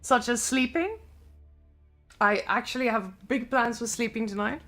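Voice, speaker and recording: Young woman, Serbian accent, gravelly fry, raised pitch, casual stream chatter, soft music underneath. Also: animated, unhurried. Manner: chatty, loose non-native English with restarts. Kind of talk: casual live-stream chat.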